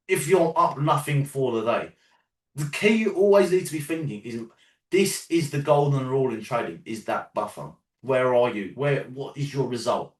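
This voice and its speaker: A man's voice: medium pitch, reverberant, distant mic. A man with a London accent coaching a group of traders on a live call, casual, sometimes swearing, and checking in with "yeah?" and "right?". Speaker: trading coach.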